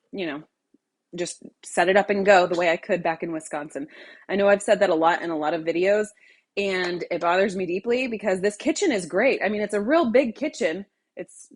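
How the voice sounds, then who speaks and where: A young woman chatting to her camera in a large home kitchen, a touch out of breath. She rambles loosely, stops herself mid-thought and circles back with plenty of ums and likes. Her voice sits at an ordinary middle pitch. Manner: rambling, talkative, self-interrupting with fillers. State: a little out of breath. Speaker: cooking vlogger. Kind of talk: casual chatty kitchen vlog.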